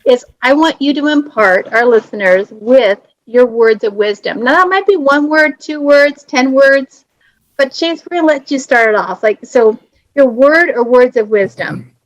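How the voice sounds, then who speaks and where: A woman's voice: sits high, expressive, normal speed, low-quality recording. A woman hosting a podcast interview, effusive and emotional as she praises her guests. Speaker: podcast host.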